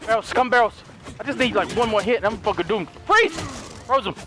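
A young man giving excited co-op gameplay commentary, loud and shrieking with swearing outbursts. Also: sits high, a little fast, music in the background. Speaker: gaming YouTuber.

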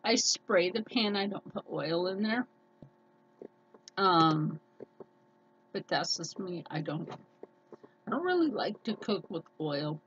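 Woman, scratchy hoarse voice, nasal, rambling casual chat, muffled home recording, faint room hum. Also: on the low side, lively intonation, slow, pauses often. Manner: rambling, chatty, many fillers and restarts. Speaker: cooking vlogger.

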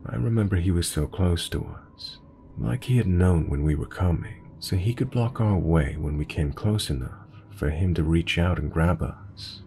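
A man narrating a scary story in a steady, measured reading voice. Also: low voice, gravelly, a little hiss or hum. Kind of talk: scripted narration.

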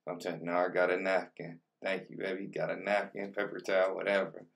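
A man's voice: low voice, little pitch movement, quick pace, vocal fry, a bit bright, distant mic. A young man casually chatting through a food vlog, talking in laid-back slang between bites. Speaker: mukbang vlogger. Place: home room with colored lighting.

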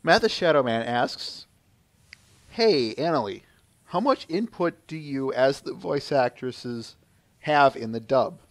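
Male podcast host with a lively voice. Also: mid-range voice, takes it slowly, dry recording. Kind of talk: reading listener questions.

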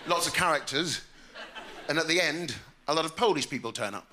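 A man doing an animated stand-up comedy routine on a theatre stage. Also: fairly quick, slight background noise. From England. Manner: animated, jumps into high voices for characters. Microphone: stage mic. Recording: live theatre with loud crowd. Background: loud laughing audience.

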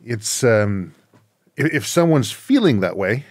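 A man hosting a podcast interview, reflecting in a measured way and thinking aloud. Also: medium pitch, big pitch swings, no room sound. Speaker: podcast host. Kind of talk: conversational interview.

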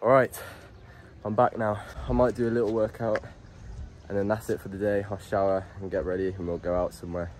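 A young man vlogging to camera while running outdoors, excitable and swearing often, a bit out of breath. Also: lowish voice, brisk. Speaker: travel vlogger. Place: outdoors on rocky coast and beach. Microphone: phone held while moving.

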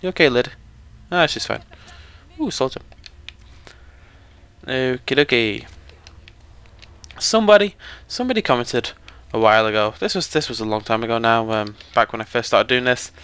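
A man's voice: mid-range voice, lively intonation, fairly quick, bright, forceful tone, clear, resonant tone. A young British man giving chatty, joking live commentary over a game he is playing. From Britain. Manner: chatty, joking, talks to the viewers. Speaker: let's play commentator.

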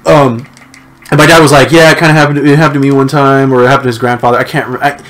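A man's voice: mid-range voice, level tone, very fast, fairly bright tone. Young man telling a rambling story. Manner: rambling storyteller, acts out family quotes with laughs. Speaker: podcast co-host. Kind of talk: casual chat, storytelling.

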